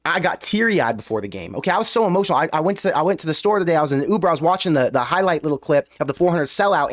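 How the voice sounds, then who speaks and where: A young man hosting a fan reaction show, venting with emphatic rhetorical questions after a game. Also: on the high side. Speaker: sports fan show host. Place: US Midwest.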